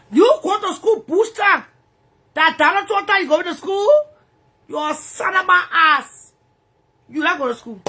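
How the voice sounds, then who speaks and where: A woman's voice: sits high, pushed and bright. A woman ranting angrily in profane, repetitive bursts from her bedroom. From Liberia. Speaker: social media personality.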